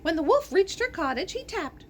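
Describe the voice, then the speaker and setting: A woman storyteller reading a fairy tale aloud in an animated way, gasping and adding playful asides. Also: very high voice, moderate pace, a little hiss or hum.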